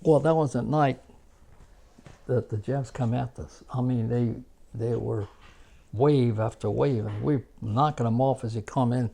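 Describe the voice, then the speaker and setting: Older American vet, gravelly and dark-toned, rambling animated storyteller. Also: male voice, medium pitch, measured pace. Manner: rambling, animated, laughs at his own stories. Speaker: war veteran telling stories. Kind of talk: casual spoken storytelling.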